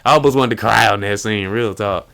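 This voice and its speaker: Laid-back man with a low voice. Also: a little fast, clear, resonant tone. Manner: animated storytelling, acts out quotes. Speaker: podcast host. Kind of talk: casual podcast conversation.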